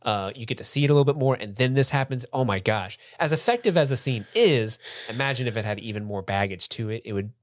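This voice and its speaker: A man co-hosting a podcast who retells a film plot quickly, laughs a lot and often slips into voices. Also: mid-range voice, no echo, clean studio sound. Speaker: podcast co-host. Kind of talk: casual movie review chat.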